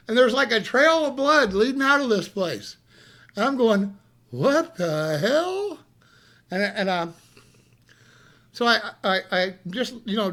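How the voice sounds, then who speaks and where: On a live stream, a man with a high voice tells a story casually and animatedly, swearing freely and laughing along the way.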